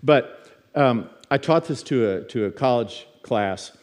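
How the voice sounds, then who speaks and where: A man's voice: mid-range voice, animated, a little slow, darkish tone. A middle-aged man teaching in a church service in a conversational, storytelling way, often stammering and restarting his words.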